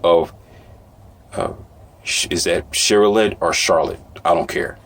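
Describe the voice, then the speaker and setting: A man with a low, deep voice reads news aloud at an unhurried crawl. He trips over words, breaks off for asides and brushes past what he does not care about. It sounds like casual commentary, not a polished broadcast. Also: monotone. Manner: stumbling reading with asides.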